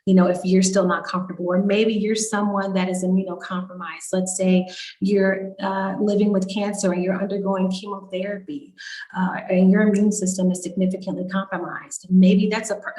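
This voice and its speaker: A woman's voice: medium pitch, little pitch movement, fairly quick, darkish tone. A woman doctor on a video call town hall, explaining health guidance in a reassuring way. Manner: reassuring, explanatory, frequent "you know". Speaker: doctor panelist.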